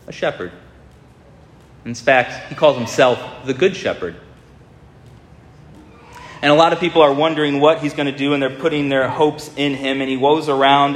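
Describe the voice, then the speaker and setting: A man preaching a sermon in a storytelling manner, speeding up and slowing right down for emphasis. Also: mid-range voice. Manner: storytelling, shifting between fast and drawn-out. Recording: echoey hall with long reverb.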